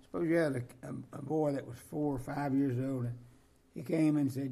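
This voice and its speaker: A man's voice: mid-range voice, steady tone, normal speed, creaky, dark tone. A man, co-hosting a casual faith talk and making folksy, homespun comparisons.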